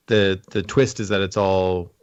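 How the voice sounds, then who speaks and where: A man's voice: deep voice, fairly even intonation, measured pace, clean tone, muffled recording. A man hosting a podcast, rambling and thinking aloud with a lot of filler words. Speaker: podcast host. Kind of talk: casual podcast chat.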